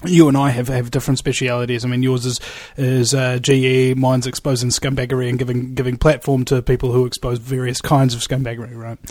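A man hosting a casual conversation, rambling and joking, with quick puns. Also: mid-range voice, level tone, a little mellow, dry recording. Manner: jokey, rambling, puts on funny voices. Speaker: host.

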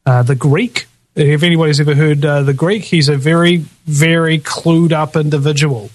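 A man's voice: a little high, fairly even intonation, moderate pace, dry recording. A man hosting a podcast, casually rambling through a list of past guests with lots of fillers, restarts and jokey asides. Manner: laughs often, jokey asides. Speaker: podcast host.

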